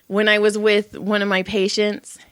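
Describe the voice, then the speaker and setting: A middle-aged woman, a massage therapist co-hosting a podcast, telling stories in a lively, profane casual chat and acting out the voices. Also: mid-range voice, moderate pace, no room sound, clean studio sound. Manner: animated, profane storyteller who acts out voices.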